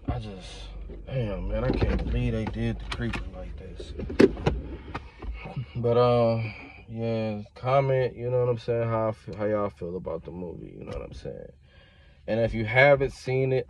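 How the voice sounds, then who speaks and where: A man's voice: lowish voice, darkish tone. A man recording a casual, slangy film-review rant while driving in traffic, sounding frustrated and repeating "you know what I'm saying". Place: car in traffic. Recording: dull lo-fi audio with traffic noise. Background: road traffic noise.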